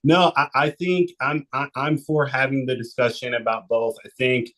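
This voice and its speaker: A man's voice: mid-range voice, fairly even intonation, normal speed, fairly bright tone, low-quality recording. A man speaking as a city commissioner in a public meeting, apologetic and hesitant with many restarts.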